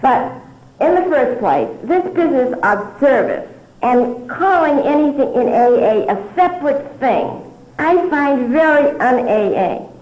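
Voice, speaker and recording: A woman's voice: sits high, expressive, measured pace, darkish tone. Older woman, recovery meeting speaker, candid storytelling, chuckles, muffled echoey hall recording. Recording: dull roomy 1970s hall recording.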